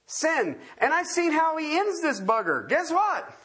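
A man's voice: very high voice, big pitch swings, moderate pace, fairly bright tone. A man preaching a sermon in a folksy, emphatic way, firing off rhetorical questions and repeating key words.

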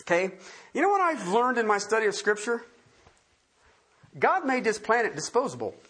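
A man's voice: high voice, very animated, moderate pace, a bit bright, husky. A man preaching a sermon in a folksy, emphatic way, firing off rhetorical questions and repeating key words.

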